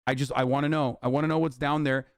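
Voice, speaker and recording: On a dry, studio-quality recording, a man in his thirties with a medium-pitched, level voice talks fast through an angry political rant on a live stream. He's profane and sarcastic, reading chat messages aloud as he goes.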